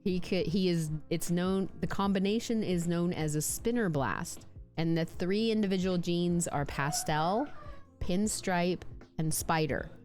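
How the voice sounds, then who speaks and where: A chatty woman talking casually on a live stream, her voice sitting on the low side. She rambles with playful restarts. Soft music plays faintly in the background. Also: unhurried. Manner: chatty, playful, talks with lots of likes and restarts; puts on silly voices for her snake. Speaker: streamer showing her pet snakes.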